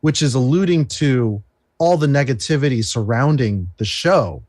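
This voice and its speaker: A man on a casual aftershow panel, laid-back and dropping into low mumbles. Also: expressive, moderate pace, a little mellow.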